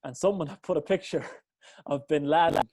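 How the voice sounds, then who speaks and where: A man hosts a casual podcast chat, laughing often and tripping over his words. His voice sits a little high, and the recording is dry and close with no room sound. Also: fairly quick, a little mellow, breathy edge, no echo. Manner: laughing, stumbling restarts. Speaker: podcast host.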